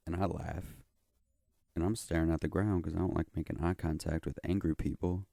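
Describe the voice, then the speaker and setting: A man's voice: sits low, little pitch movement, a little fast, gravelly, dark tone, no echo, studio quality. A young man telling a story in a rambling, profane, slangy way. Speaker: vlogger. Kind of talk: casual storytelling.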